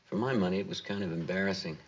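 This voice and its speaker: An actor playing a plain-spoken, opinionated witness on the stand. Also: male voice, sits low, rapid-fire, close to an everyday voice. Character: gossipy male witness, sure of himself. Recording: dull old TV sound.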